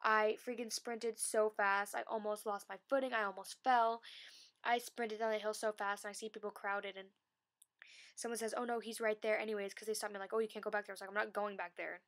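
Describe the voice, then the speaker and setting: A young woman tells a long story to her camera, tumbling through it with fillers and restarts. Her pitch sits in the middle range. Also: level tone, brisk, fairly bright tone. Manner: breathless, rambling, many fillers. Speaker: vlogger. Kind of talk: excited storytelling vlog.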